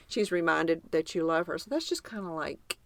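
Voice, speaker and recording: A woman with a Southern drawl co-hosts a casual podcast, her low voice carrying a gravelly edge. She talks in a chatty, enthusiastic way, lingering over details. The sound is close and dry, with no room around it. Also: animated, measured pace, no echo. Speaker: podcast co-host.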